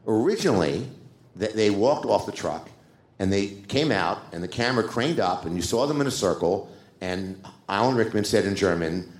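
A man guest telling a behind-the-scenes story in an animated way, acting out other people's lines. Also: lowish voice. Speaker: screenwriter guest. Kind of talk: anecdotal storytelling. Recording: roomy echo.

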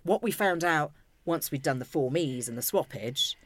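A woman's voice: low-pitched, expressive, normal speed. A middle-aged woman, a guest telling a personal story frankly and with lots of animation.

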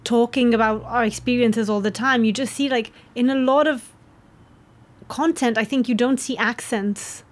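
A woman from Romania speaking as a guest in a relaxed interview. Her voice is fairly high, and she talks in a candid, outspoken, animated way. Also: moderate pace. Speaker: actress and guest. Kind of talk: conversational interview.

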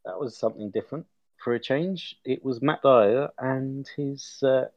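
A man's voice: mid-range voice, moderate pace, a little mellow, no room sound, lo-fi sound. A man in his twenties co-hosting a casual podcast, laughing as he reads out a list. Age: 20s. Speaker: podcast co-host. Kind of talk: casual chat.

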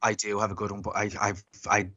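A man chatting casually, telling a story in an animated way and acting out what people said. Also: on the low side, fast talker, dry recording, highs cut off. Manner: animated, acts out quotes.

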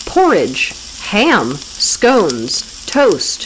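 A woman's voice: mid-range voice, sing-song, normal speed, a little hiss or hum. A woman co-hosting a podcast, recapping a classic novel in casual, jokey chat with frequent laughs. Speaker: podcast co-host.

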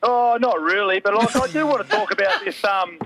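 A high-voiced Australian man talks loudly over the phone from a train carriage. He jokes crudely and laughs easily as he chats with his co-hosts. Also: expressive, brisk, background noise. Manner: loud, laughing, crude joking. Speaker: co-host calling in. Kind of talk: casual banter. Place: on a train, public transport.

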